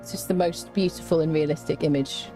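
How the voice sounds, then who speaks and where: A woman's voice: sits low, steady tone, quick pace, dark tone, faint music behind. A woman streaming a game, chatting playfully with her viewers and humming little tunes as she plays. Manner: chatty, playful, hums and scats while playing; talks to chat, greets viewers. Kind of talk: casual gameplay commentary.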